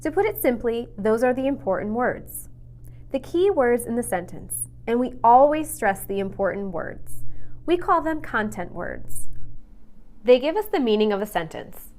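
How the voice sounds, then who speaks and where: Female pronunciation teacher, fairly high and very animated pitch, clear measured delivery. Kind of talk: scripted teaching narration.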